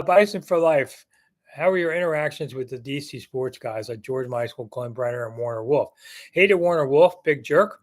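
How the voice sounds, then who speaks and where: A man in his sixties, a sports reporter hosting a casual live chat, answering viewers in a blunt, rambling way with stories and fillers. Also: a little high. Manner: rambling, blunt, anecdote-telling with frequent fillers. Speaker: sports reporter and show host.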